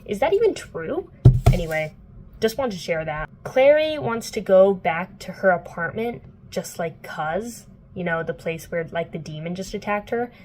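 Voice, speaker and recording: A woman's voice: on the low side, animated, normal speed, noisy background. A young woman in her twenties casually recapping a novel for her channel, chatty and full of fillers, playfully quoting the characters. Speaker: book vlogger.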